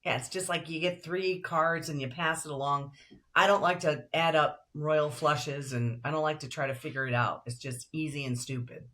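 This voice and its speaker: An older woman with a deep alto voice, a broadcaster and voiceover actress talking as a guest in a casual interview, lively and upbeat. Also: normal speed.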